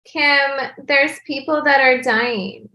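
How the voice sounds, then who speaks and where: A woman impersonating a celebrity in a languid, deadpan drawl, higher than her usual voice. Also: slow, heavily acted.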